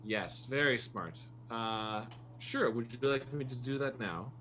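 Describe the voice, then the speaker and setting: A man voicing a sly, fawning ship crew member who schemes while flattering his captain. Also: mid-range voice, measured pace, a little hiss or hum.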